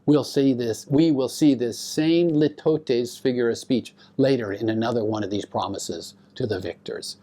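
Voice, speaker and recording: A man teaching a recorded Bible lecture, speaking deliberately and asking his listeners rhetorical questions. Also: mid-range voice, dark tone. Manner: explains Greek grammar to students.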